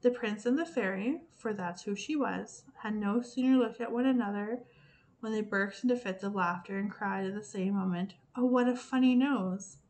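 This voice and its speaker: A woman host reads an old fairy tale aloud in a measured, unhurried storytelling way. Her voice sits at an ordinary middle pitch, and she fixes small slips as she goes. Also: a little mellow.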